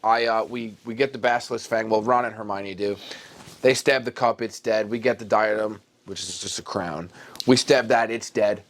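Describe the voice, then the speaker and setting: A man co-hosting a podcast, retelling a story in an animated, mock-dramatic way with big swings in his voice. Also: lowish voice, moderate pace. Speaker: podcast co-host. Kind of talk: comedic casual retelling.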